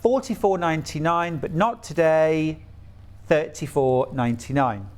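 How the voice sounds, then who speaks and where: A man's voice: fairly high pitch, a little slow. A middle-aged man from the UK presenting fabrics on a live shopping channel in a chatty, gushing, enthusiastic way.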